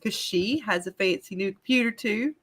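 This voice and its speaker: Woman host of a casual live stream, lively and rambling, quick to laugh. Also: medium pitch, slightly rough. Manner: animated, laughing, rambling with many fillers. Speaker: channel host.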